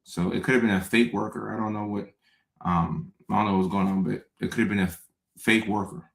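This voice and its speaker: A man's voice: on the low side, steady tone, brisk, vocal fry. A man hosting his own show, talking casually to his audience in a rambling way, repeating himself and making self-mocking asides. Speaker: show host. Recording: roomy echoey room.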